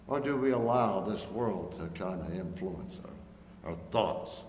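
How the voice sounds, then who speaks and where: Slow, earnest male preacher. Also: low voice, expressive, darkish tone, a little hiss or hum. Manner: slow, earnest, rising to emphatic questions. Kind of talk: sermon with invitation. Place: church sanctuary. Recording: echoey hall, long reverb, faint ambience.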